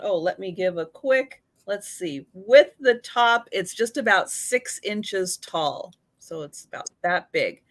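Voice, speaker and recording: Slow, unhurried woman hosting a sale. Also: lowish voice, dry recording. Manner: unhurried, describes items in detail and greets viewers by name. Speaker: live sale host selling vintage items. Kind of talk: casual live-stream sales chat.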